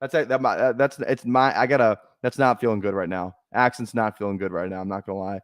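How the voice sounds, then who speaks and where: A man's voice: lowish voice, steady tone, quick pace, no room sound, clean studio sound. A man streaming casually, thinking aloud in a rambling way with lots of fillers. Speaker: fantasy football streamer. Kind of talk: casual live-stream commentary.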